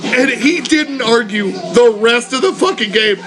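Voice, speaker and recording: A man co-hosting a casual beer podcast, telling stories with loud acted-out shouts and frequent laughter. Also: very high-pitched, expressive, a little slow, crowd noise. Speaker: podcast co-host. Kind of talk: casual beer-tasting chat.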